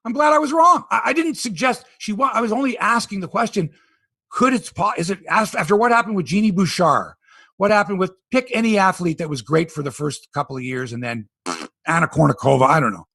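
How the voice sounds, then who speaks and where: A Canadian man hosting a casual sports podcast, telling stories with animated tangents. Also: high voice, brisk, creaky, breathy edge, dry recording. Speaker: podcast host.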